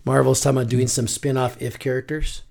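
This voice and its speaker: A man's voice: mid-range voice, flat delivery, fast talker, creaky, a little mellow. A man hosting a casual podcast chat, rambling with many fillers. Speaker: podcast host.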